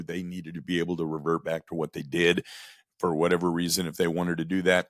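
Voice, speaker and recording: A man telling casual stories about running a radio station, acting out the dialogue with lively energy. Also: low-pitched, dry recording, studio quality. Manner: animated, acts out quoted dialogue. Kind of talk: casual storytelling monologue.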